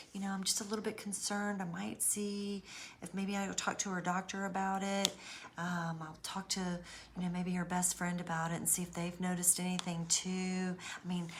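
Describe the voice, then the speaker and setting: Brief: soft, hushed manipulative partner faking concern, put on by a woman. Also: medium pitch, a little hiss or hum, close to an everyday voice. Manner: hushed, falsely worried.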